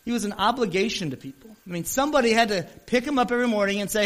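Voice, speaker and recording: A man preaching a sermon as pastor, retelling a Bible story earnestly with shifts in pace and loudness. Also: high voice, racing, few pauses.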